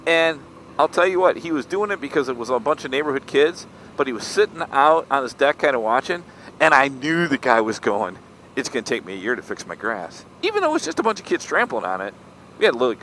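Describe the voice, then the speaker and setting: A man's voice: medium pitch, a bit bright, poor audio. Chatty middle-aged man riding a motorcycle. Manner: chatty, self-mocking, wanders off topic. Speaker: motorcycle vlogger. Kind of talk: casual rambling monologue while riding. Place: outdoors on a motorcycle in traffic. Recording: faint road and traffic noise.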